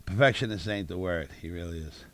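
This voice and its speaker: A man co-hosting a live stream chats casually in a low, slightly bright voice at a fairly quick pace. He jokes, teases and does mock impressions.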